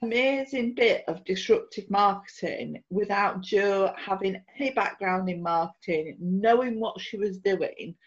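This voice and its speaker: A woman's voice: medium pitch, unhurried, hardly any pauses. Woman cohost, blunt and teasing, muffled recording. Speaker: podcast host. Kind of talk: casual chat.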